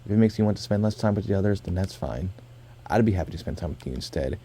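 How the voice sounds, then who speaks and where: Dude doing a calm soft-spoken girl, club president, gentle and low, game voice. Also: slight background noise. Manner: gentle, measured.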